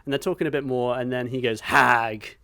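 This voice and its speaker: An excitable man chatting on a podcast, swearing freely and breaking into sound effects as he retells scenes. His voice sits at an ordinary middle pitch. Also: rapid-fire. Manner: enthusiastic, sweary, acts out film moments with sound effects. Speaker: podcast co-host. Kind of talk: casual podcast chat.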